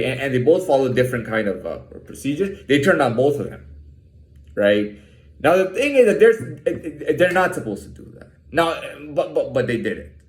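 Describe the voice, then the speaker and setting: A man's voice: medium pitch, reverberant. A man talking in a casual, rambling monologue, swearing freely and stumbling over repeated words as he rants. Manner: profane, repetitive, restarts often, aggravated rants.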